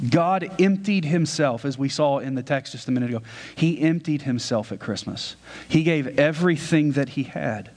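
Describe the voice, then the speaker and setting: Man preaching in a reverberant hall. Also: on the high side. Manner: earnest preaching, talks to the congregation with questions. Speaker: pastor. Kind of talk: sermon.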